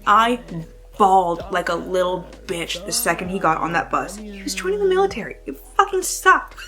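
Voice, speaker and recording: A young woman chatting casually at home about books, excitable and swearing freely, turning now and then to talk to her baby. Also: medium pitch. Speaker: book vlogger. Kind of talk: casual chat.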